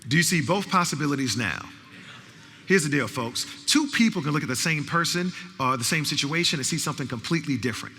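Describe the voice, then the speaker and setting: A college professor rallies a conference crowd in an interactive training talk, prompting responses and repeating phrases. He talks fast and expressively in a fairly high, pushed, bright voice; the recording has long hall reverb and slight background noise.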